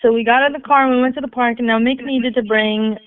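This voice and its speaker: A woman's voice: a little high, fast talker, no room sound. Tinny-sounding young woman telling stories. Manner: lively storytelling with profanity. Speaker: podcast co-host. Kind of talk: casual family chat. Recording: tinny phone-like sound, dry.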